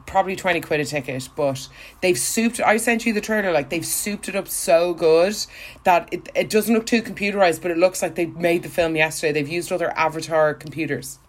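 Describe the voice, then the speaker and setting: Chatty young woman, lowish voice. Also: brisk. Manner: chatty, laughs often, lots of fillers. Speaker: podcast co-host. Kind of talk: casual chat.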